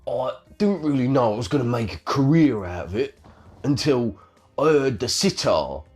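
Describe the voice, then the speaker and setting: A man's voice: medium pitch, expressive, moderate pace, a little mellow, soft background music, lightly acted. A man with a South London accent playing a crude, boastful male snake charmer who swears constantly in an improvised comedy sketch. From London, England. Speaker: guest.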